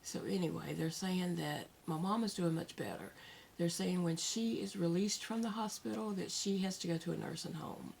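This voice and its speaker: A woman with a Southern American drawl, speaking a bit low with a gravelly edge to her voice. She talks to her viewers at home, candid and soft-spoken, pausing often and still emotional after crying. A faint background hiss sits under her voice. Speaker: vlogger. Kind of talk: casual vlog talk to camera. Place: at home, indoors.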